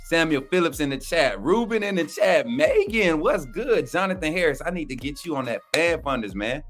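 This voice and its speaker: A man's voice: a little high, lively intonation, moderate pace, fairly bright tone, faint music behind. A man co-hosting a livestream, hyped and slangy, calling out chat names. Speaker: co-host. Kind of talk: casual livestream shout-outs.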